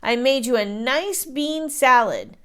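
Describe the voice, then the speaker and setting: A woman's voice: expressive, slow, clear, resonant tone. A woman reading a children's picture book aloud, voicing a bossy giant woman who scolds and lectures. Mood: scolding. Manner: scolding, high and emphatic.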